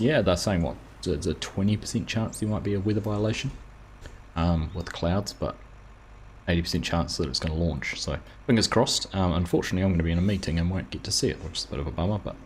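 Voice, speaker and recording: Low-voiced New man streaming games. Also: a little hiss or hum. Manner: chatty, greets viewers by name, relaxed. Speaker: streamer, host of a live farming game stream. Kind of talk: casual live-stream commentary while playing.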